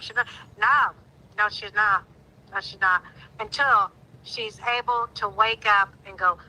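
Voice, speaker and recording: A woman's voice: mid-range voice, unhurried, sharp tone, poor audio. A woman in her sixties calling in to a live stream, talking earnestly and pleadingly, her voice rising sharply when she grows indignant. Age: 60s. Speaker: caller. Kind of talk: emotional call-in on a live stream.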